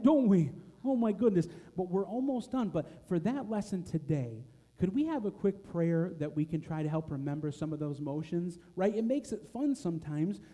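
Brief: high, mellow man teaching kids a verse with motions, long hall reverb. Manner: animated, coaxing, slows to a chant for the verse. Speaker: children's message leader. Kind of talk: children's church lesson. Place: church sanctuary.

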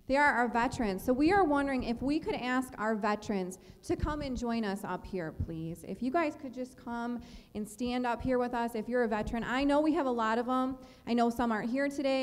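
A woman leading children at a church service, friendly and guiding, asking them questions. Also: on the high side. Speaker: children's ministry leader. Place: church sanctuary. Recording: long church hall reverb.

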